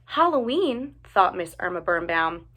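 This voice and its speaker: Woman, storybook read-aloud, expressive, bright, lively pitch. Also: a little slow. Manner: expressive, animated narration. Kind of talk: reading a picture book aloud.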